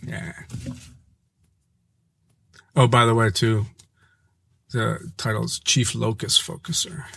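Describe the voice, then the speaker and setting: A man chatting as a podcast guest, telling personal stories in a casual, animated way that sometimes halts and restarts. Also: creaky, slightly rough. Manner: animated, playful, jumps into high voices mimicking his kids; halting, with frequent restarts when reflective. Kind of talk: casual conversational storytelling.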